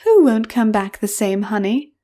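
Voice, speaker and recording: A woman's voice: medium pitch, animated, moderate pace, mellow, natural voice. A woman playing a soothing, doting mother. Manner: soothing, affectionate. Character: kind doting human mother soothing her little girl. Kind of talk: audiobook character voice.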